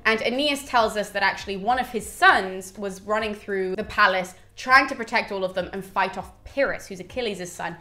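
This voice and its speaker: A woman's voice: medium pitch, moderate pace, hardly any pauses, bright, forceful tone. Chatty young woman retelling a myth. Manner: chatty, irreverent, acts out quotes with mild swearing. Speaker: mythology explainer. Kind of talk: casual storytelling retelling of an epic.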